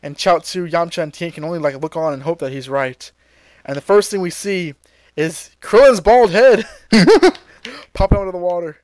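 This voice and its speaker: Man, high voice, podcast co-host, casual recap, dry sound. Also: normal speed, darkish tone, no echo. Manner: retells scenes, acting out character lines with hesitant fillers.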